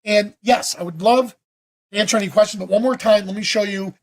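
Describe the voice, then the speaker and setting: A man teaching photo editing during a live video-call session, talking in a chatty, animated way with frequent restarts. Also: high voice, a little fast. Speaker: photography workshop instructor. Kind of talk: live online Q&A demo.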